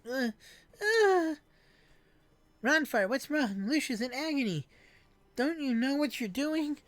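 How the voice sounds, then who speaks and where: A man's voice: very high-pitched, animated, slow pace, a bit bright, slight background noise, voice pushed up, full character voice. A man voicing an anxious young male adventurer in a raised, urgent voice.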